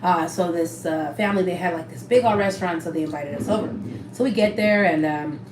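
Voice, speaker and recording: A young woman telling a story in casual chat, animated and swearing, slipping Spanish phrases into her English. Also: lowish voice, brisk. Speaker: co-host. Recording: echoey room, faint background hum.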